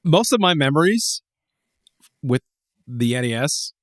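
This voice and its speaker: A man co-hosting a podcast in relaxed, casual chat. His pitch swings around with animation, and he rambles with plenty of restarts. The sound is dry and close to the mic. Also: unhurried, no echo. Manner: rambling, laughing, swearing, many restarts. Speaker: podcast co-host.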